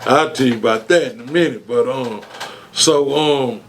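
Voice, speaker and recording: A man's voice: mid-range voice, moderate pace, background noise. Guy telling stories at an interview, swears a lot, acts out what people said, faint clicking in the back. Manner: animated storyteller, swears freely, acts out quotes. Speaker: interview guest, rapper. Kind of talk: storytelling interview.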